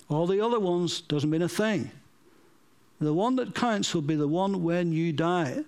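High-voiced earnest male preacher. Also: a little mellow. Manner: earnest, pleading, repeats for emphasis. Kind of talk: sermon.

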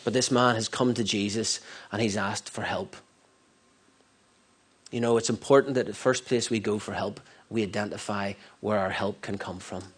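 A man's voice: lowish voice, steady tone, moderate pace, slightly rough. A man preaching a sermon earnestly, repeating phrases for emphasis and often restarting mid-sentence. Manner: many restarts and stumbles.

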